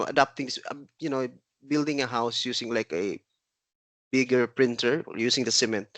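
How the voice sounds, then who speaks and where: A man's voice: medium pitch, fairly bright tone, no echo. A man from the Philippines hosting a webinar, speaking hesitantly with many fillers over a video call. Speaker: webinar host. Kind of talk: live webinar moderation.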